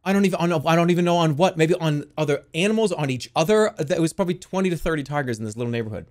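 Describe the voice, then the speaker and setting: A young man casually telling the story of a strange dream, rambling and swearing, with sudden loud panicked outbursts. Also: on the high side, very fast. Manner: rambling, swears a lot, restarts, jumps into loud panicked quotes.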